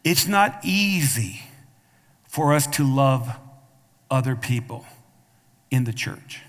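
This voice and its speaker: A man preaches in a mid-range, animated voice that is a bit bright, keeping a slow pace. In the echoing church sanctuary, he calls out for the congregation to respond and often starts his words over with repeats.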